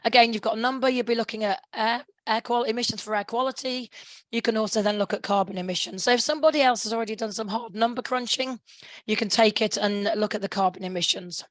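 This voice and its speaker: A middle-aged woman with a hoarse, sore throat giving a webinar presentation over a video call. She often restarts her phrases and stops to clear her throat. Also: a little high, fast talker, no room sound, rough recording. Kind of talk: conference presentation.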